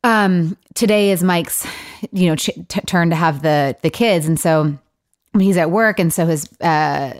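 A woman's voice: lowish voice, measured pace. A woman hosting a podcast in casual chat, rambling and restarting her sentences as she tells a story. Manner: rambling, self-interrupting, laughs often. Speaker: podcast host.

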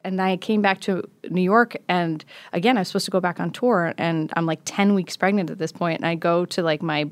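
A woman in her thirties tells a story in an animated way and laughs often. She slips into the voices of the people in it. The recording is dry and close, with no room sound. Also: lowish voice, a little fast, hardly any pauses, dry recording. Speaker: guest, comedian and musician. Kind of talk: casual storytelling chat.

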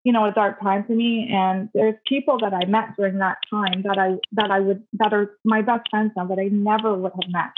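A woman's voice: mid-range voice, level tone, fairly quick, few pauses. A woman who owns a store, a guest on a podcast, speaking earnestly and reflectively, often starting sentences over. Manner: reflective, earnest, many restarts. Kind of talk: casual interview chat. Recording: phone-like line with faint noise.

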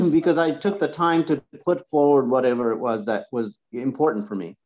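A man who works as a massage therapist, a podcast guest telling his career story in a conversational way, often restarting words and clearing his throat. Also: medium pitch, moderate pace, a little mellow. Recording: dull lo-fi sound.

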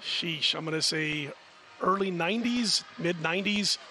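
Casting: middle-aged male betting analyst, bright and crisp tone, chatty storyteller. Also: on the high side, unhurried. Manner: rambling storyteller, chatty and animated. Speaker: sports betting handicapper guest. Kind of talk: casual radio chat.

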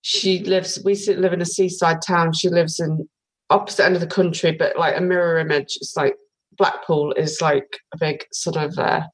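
A woman's voice: fairly low pitch, fairly even intonation, moderate pace, poor audio. A woman in her forties from Britain, telling her story in a casual interview with many fillers. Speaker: guest, tarot reader.

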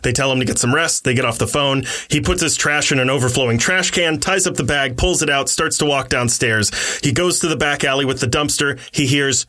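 A man's voice: medium pitch, brisk, sharp tone. A man, a podcast host, casually narrating a story scene by scene.

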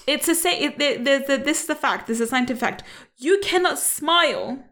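Middle-aged woman motivational coach, high bright voice, upbeat, laughs easily, keeps asking "right?". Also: brisk. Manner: upbeat, laughs often, repeats rhetorical questions. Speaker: money coach. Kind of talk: motivational talk to camera.

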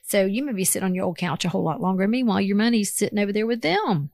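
A woman's voice: mid-range voice, expressive, rapid-fire, vocal fry, darkish tone, no echo. A woman co-hosting a radio podcast from a studio, giving direct, practical advice in casual chat. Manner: direct, advising.

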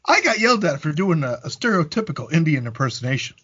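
Man, casual chat, boastful, profane, high husky voice, muffled call audio. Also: very animated, fast, fairly bright tone.

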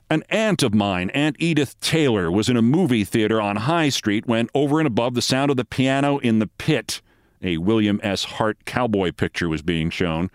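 A man's voice: mid-range voice, no room sound, studio quality. Man reading a story dramatically. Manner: vivid storytelling, loudly acting out shouted cries.

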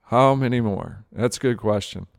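In Austin, Texas, a male host who is a father offers earnest spoken commentary, his fairly low, creaky voice thick with emotion as he often repeats phrases. He speaks at a moderate pace, and the recording is dry and clean, studio quality.

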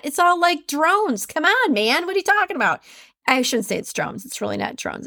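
Lively, laughing woman podcast host. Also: a little high, dry recording, clean studio sound. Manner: animated, laughs at her own slips. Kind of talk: casual solo podcast reading and reflection.

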